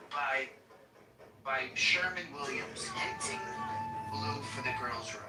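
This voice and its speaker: Excitable man, far from the mic, with music behind. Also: on the high side, unhurried, reverberant. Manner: excitable, laughing, profane. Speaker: host. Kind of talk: casual livestream chat.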